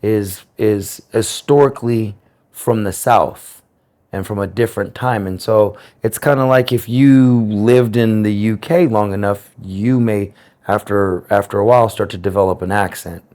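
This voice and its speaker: An American man telling his personal story in an interview, speaking in a reflective, earnest way with careful, clear enunciation. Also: on the low side, steady tone, measured pace, a little mellow. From United States.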